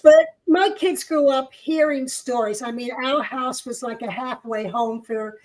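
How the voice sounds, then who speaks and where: A woman's voice: high-pitched, unhurried, darkish tone, low-quality recording. An older woman co-hosting a casual discussion, telling stories in an earnest way. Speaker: co-host. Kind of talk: casual chat.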